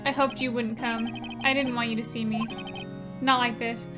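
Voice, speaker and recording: A woman's voice: on the high side, little pitch movement, measured pace, music in the background, natural voice. A woman voicing a stern, proud young male prosecutor in a game, in a curt, dismissive way. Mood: cold.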